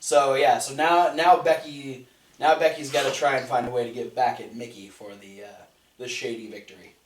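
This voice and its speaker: A man's voice: medium pitch, steady tone, moderate pace, slight background noise. A man co-hosting a casual podcast, walking through events in a loose, rambling way. He restarts his sentences often and leans on fillers. His voice sounds distant and roomy. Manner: rambling recap with frequent restarts. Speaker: podcast co-host. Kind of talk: casual wrestling recap chat.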